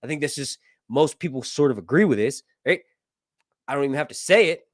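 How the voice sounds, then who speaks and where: A man's voice: mid-range voice, expressive, fairly quick, dry recording, studio quality. A man from the United States giving casual, opinionated video commentary, ranting with frequent fillers and tag questions. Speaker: YouTube commentator.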